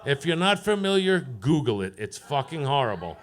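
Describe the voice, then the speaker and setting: Man, stand-up comic, high voice, deadpan, profane, teases the crowd, comedy club stage. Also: moderate pace. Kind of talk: open mic stand-up set.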